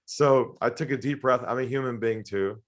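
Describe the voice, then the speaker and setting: During an interview, a middle-aged Australian sales trainer recounts sales stories with animation, often voicing the people in them. His voice is mid-range and his pace moderate, and he laughs often.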